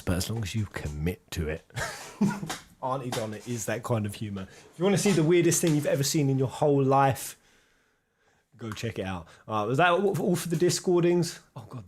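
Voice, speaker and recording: A man's voice: medium pitch, darkish tone. A man streaming a game, reacting with chatty asides and frequent laughter. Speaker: let's play streamer. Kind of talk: reaction commentary.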